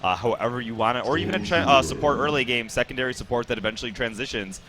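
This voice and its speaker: A young man co-casting an esports match, relaxed and analytical in his explanations. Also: mid-range voice, racing, noisy background. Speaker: esports co-caster. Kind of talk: live game commentary.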